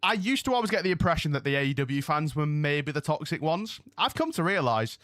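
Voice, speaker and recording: A man's voice: a little high, lively intonation, brisk, a bit bright, no room sound, studio quality. Rambling man streaming casually. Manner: rambling and chatty, loses his train of thought. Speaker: streamer hosting a wrestling watch-along. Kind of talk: casual live-stream chat. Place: home room.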